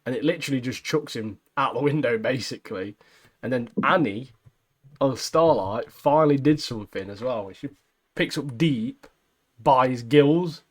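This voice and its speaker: A man's voice: medium pitch, moderate pace. A man co-hosting a podcast, chatting casually and recapping scenes with slang and laughs. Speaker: podcast co-host. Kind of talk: casual chat.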